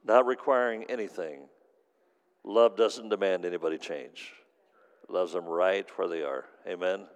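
Deep, gravelly preacher in a sermon. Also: male voice, measured pace. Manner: speaks in tongues, then earnest testimony; quiet, heartfelt storytelling. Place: church.

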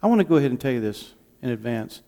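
A man preaching a sermon as pastor, impassioned, moving between hushed and loud delivery. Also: mid-range voice, sing-song, very fast, creaky.

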